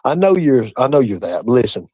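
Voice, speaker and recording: A man hosting a casual livestream, talking to his chat and a guest. He taunts and mocks in a profane voice, dropping to low mutters and then jumping into high, excited outbursts. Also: moderate pace, breathy edge, dry recording, dull audio. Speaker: livestream host. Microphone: streaming setup.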